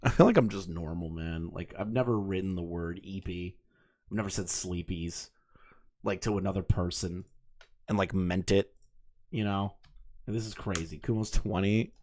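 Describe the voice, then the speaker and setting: The speaker is a man in his late twenties doing casual commentary, reciting messages and tearing into them with profane, incredulous jabs. He talks at a moderate pace in a low-pitched, darkish voice.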